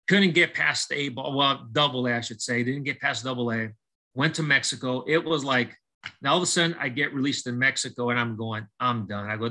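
Middle-aged guy on a podcast, telling his story, plays out all the dialogue, bright forceful voice. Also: medium pitch, poor audio. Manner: animated storyteller acting out dialogue, many restarts. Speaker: baseball coach and podcast guest. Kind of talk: storytelling interview testimony.

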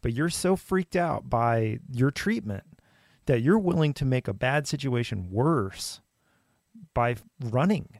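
A man's voice: medium pitch, lively intonation, slow, creaky, darkish tone, dry recording, clean studio sound. A man hosting a podcast, reflectively summing up his guest's experience in casual conversation. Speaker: podcast host.

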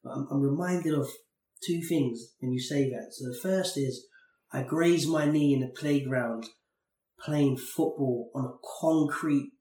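A man's voice: medium pitch, a little slow, dark tone, distant mic. A man in his thirties hosting a podcast, telling personal stories in an earnest, thoughtful way and sometimes repeating words as he thinks. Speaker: podcast host. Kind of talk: reflective conversational storytelling. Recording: roomy sound, a little off-mic.

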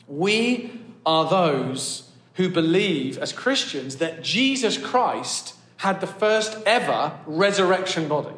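A man, preaching a chatty, self-deprecating sermon that turns animated as he warms up. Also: high-pitched, unhurried. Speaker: pastor. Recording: echoey hall.

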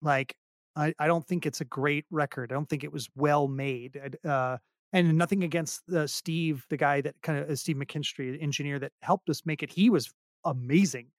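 A man's voice: a little high, moderate pace, no room sound, clean studio sound. A middle-aged man talking casually as an interview guest, self-deprecating and rambling with many restarts. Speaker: podcast guest, singer-songwriter.

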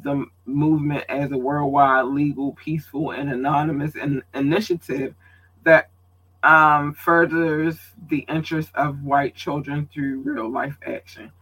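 Chatty podcast host from Baltimore. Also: male voice, on the high side, a bit bright, breathy edge. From Baltimore, Maryland. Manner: loose and chatty, many ums and slang asides. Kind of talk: casual solo podcast chat.

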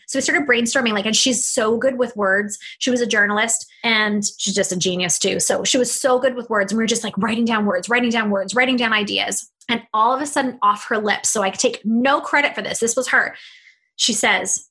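A middle-aged woman hosting a podcast, telling a heartfelt story in an earnest, animated way. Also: fairly high pitch, fairly quick. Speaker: podcast host and business coach. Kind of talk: casual solo podcast monologue.

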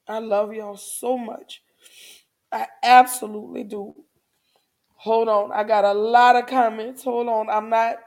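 A woman's voice: a little high, level tone, unhurried, a little mellow. A young adult woman hosting her podcast live, talking passionately and tearfully to viewers and repeating phrases for emphasis. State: tearful, emotional. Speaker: podcast host. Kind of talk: emotional livestream talk to viewers. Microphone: camera livestream.

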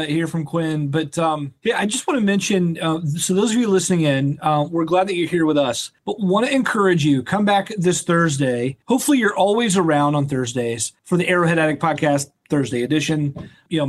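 Male podcast host: slightly high voice, rambling, jokey delivery. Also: normal speed. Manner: joking, rambling, laughs often. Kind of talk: casual sports podcast chat.

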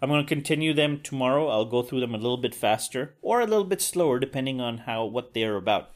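A man's voice: medium pitch, expressive, fast. A man hosting a solo podcast, talking casually with frequent swearing and self-deprecating asides. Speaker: podcast host.

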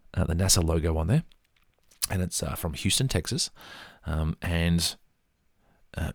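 A man's voice: deep voice, no room sound, studio quality. A man talking casually through his mug collection in a rambling, self-deprecating way. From Australia. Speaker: vlogger. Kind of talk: casual show-and-tell monologue.

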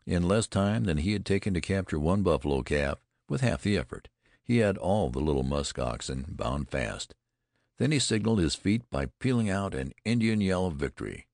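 A man narrating an adventure audiobook in a measured, dramatic storytelling manner. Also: deep voice, lively intonation, creaky, darkish tone, no room sound, studio quality.

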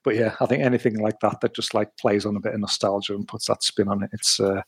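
A man's voice: lowish voice, fairly even intonation, fast talker, breathy edge. A man chatting casually on a podcast in a rambling, hesitant way, swearing now and then.

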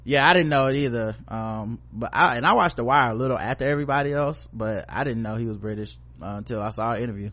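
A man's voice: mid-range voice, fast talker, few pauses, sharp tone. A man co-hosting a podcast in casual chat, giving blunt, profane, opinionated commentary. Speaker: podcast co-host.

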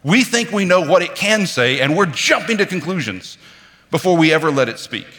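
A man delivers a sermon in a chatty, animated manner, his pitch rising and falling widely. His tone is bright and forceful. The sound carries a long reverb, as in a large church hall. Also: normal speed. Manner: animated, conversational, acts out quoted voices. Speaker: preacher.

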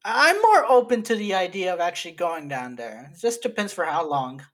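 A man's voice: high voice, big pitch swings, moderate pace, fairly bright tone. A man co-hosting a casual podcast, defensive and exasperated, swearing freely as he argues his point. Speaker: podcast co-host.

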